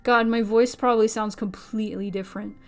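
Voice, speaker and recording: A rambling, chatty young woman talks with her stream viewers in a fairly high voice. She leaps into a squeaky pitch whenever she quotes someone. Faint music plays behind her. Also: steady tone, a little fast. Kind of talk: casual chat with stream viewers.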